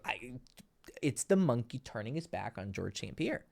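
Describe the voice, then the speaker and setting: A man coaching viewers on dating tells a story in a loose, casual way. His voice sits at an ordinary mid pitch and swings between quiet asides and loud, laughing bursts. He swears freely. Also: sing-song, moderate pace, vocal fry.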